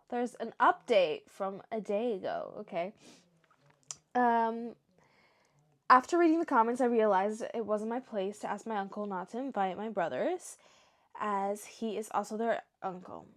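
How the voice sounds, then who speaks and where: A woman's voice: mid-range voice, expressive, measured pace, long pauses. A young woman reading stories aloud for her show and breaking off into emotional, chatty reactions. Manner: emotional, chatty asides between read passages. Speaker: story reaction host.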